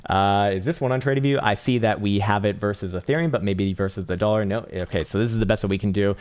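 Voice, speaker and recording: Profane, animated crypto livestream host. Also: male voice, fairly low pitch, fast talker. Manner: profane, animated, laughs often. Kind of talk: casual live market analysis.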